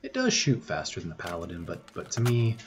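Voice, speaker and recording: Low-voiced man giving gameplay commentary. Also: fairly quick. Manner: relaxed, thinking aloud with frequent "uh" and restarts. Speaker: gaming YouTuber.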